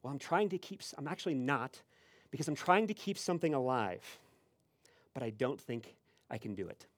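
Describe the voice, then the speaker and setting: A man's voice: medium pitch, lively intonation, moderate pace, no room sound, clean studio sound, lightly acted. A man doing a meek tired priest. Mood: weary. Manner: meek, deflated replies. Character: meek weary male priest.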